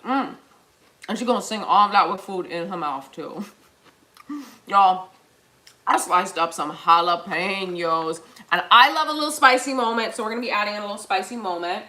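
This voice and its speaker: A woman's voice: medium pitch, lively intonation, normal speed, bright, forceful tone. A woman hosting a live cooking show, chatty and playful, talking straight to her viewers while she cooks in a kitchen. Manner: bursts into improvised little songs. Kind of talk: live cooking demonstration, casual.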